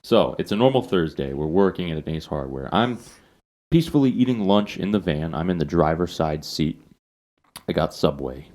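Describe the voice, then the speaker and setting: A man hosting a podcast, telling a story in a casual, animated and profane way. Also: deep voice, normal speed. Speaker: podcast host.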